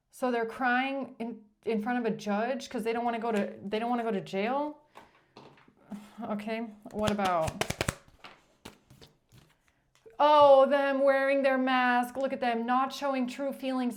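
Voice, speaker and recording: A woman giving a tarot reading in a blunt, emphatic way, cursing when she gets frustrated. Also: fairly high pitch. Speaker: tarot reader.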